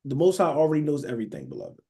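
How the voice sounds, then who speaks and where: A man's voice: a little high, huge pitch swings, very fast, creaky, warm tone. Man preaching casually, checking in constantly. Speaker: Bible teacher. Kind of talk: sermon.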